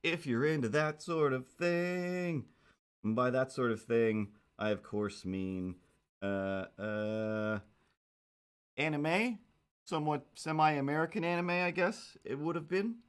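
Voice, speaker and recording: A man's voice: on the high side, takes it slowly, clean tone. A man chatting casually on a livestream while drawing, rambling with self-mocking, playful asides. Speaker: streamer.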